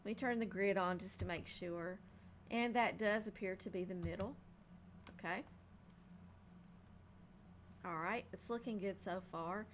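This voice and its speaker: A woman's voice: medium pitch, measured pace, long pauses, a little hiss or hum. A woman casually narrating her home build in a game, thinking aloud with frequent ums and hesitations. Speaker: game building video creator.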